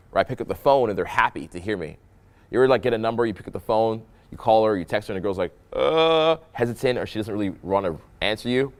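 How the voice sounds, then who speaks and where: A young man talking as a dating coach over his own footage, animated and playful, deliberately swinging his voice between loud and soft. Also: on the low side. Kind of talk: voice-over commentary on infield footage.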